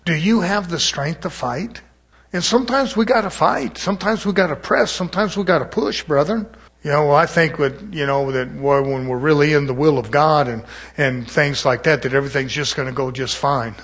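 A man preaching a folksy sermon to his congregation, acting out doubters in quick asides. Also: on the high side, a bit bright. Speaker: pastor.

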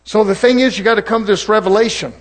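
A middle-aged man preaches with a fiery, mocking delivery. He calls out to his congregation, and his voice sits high for a man. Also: fast. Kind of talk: sermon.

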